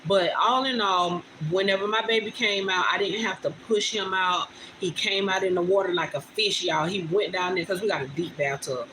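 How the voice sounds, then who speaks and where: A woman's voice: mid-range voice, moderate pace, few pauses, bright, forceful tone, rough recording. A young woman, talking chattily and with feeling to viewers on a phone livestream from home. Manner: chatty, emotional, addresses viewers as y'all. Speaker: vlogger on a livestream. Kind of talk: casual heartfelt livestream talk. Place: home indoors. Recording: phone recording with clear background noise.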